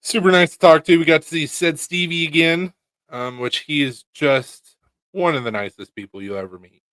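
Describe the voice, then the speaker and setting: A man's voice: fairly high pitch, moderate pace, a bit bright, clear, resonant tone, no echo. A man co-hosting a casual chat show, telling laid-back stories and swearing casually. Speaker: podcast co-host, knife maker.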